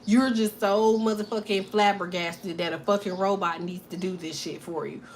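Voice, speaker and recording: A woman hosting a casual tarot livestream, delivering a profane, animated comedic rant and laughing often. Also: mid-range voice, normal speed, slight background noise.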